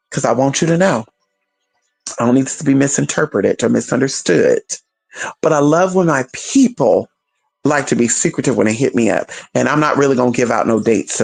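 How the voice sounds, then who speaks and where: A man's voice: a little high, gravelly. A man hosting his channel, ranting in a sassy, profane, swooping and emphatic way. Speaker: channel host. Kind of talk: casual rant to camera.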